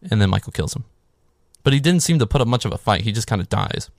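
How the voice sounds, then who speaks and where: Sarcastic male movie recapper, lowish voice, dry close sound, loose and profane. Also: lively intonation, fast talker, creaky, no echo. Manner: sarcastic, swears freely, filler "like". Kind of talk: casual comedic movie recap.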